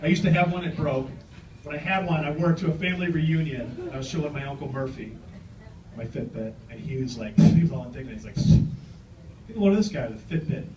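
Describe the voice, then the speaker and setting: A man in his forties doing a stand-up set on a club stage, brash, with loud punchlines and banter with the crowd. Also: on the high side, steady tone, fast talker, far from the mic. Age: 40s. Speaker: stand-up comedian. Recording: roomy club with crowd laughter. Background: audience laughing.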